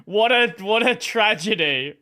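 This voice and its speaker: A man with a high, bright voice cuts in with wry, sarcastic remarks in a casual stream chat. He sounds a little off the mic. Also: lively intonation, measured pace.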